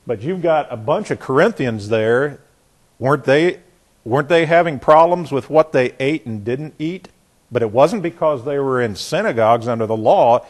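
Guy teaching bible class, rambly, keeps restarting, regular pitch. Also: expressive, moderate pace. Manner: rambling, frequent restarts and asides.

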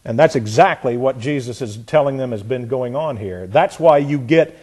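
A male preacher giving a sermon, reading scripture aloud and commenting on it, at times laughing and swinging between loud bursts and near-quiet asides. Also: mid-range voice, moderate pace, breathy edge. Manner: reads scripture aloud, then comments with sudden bursts and drops in volume.

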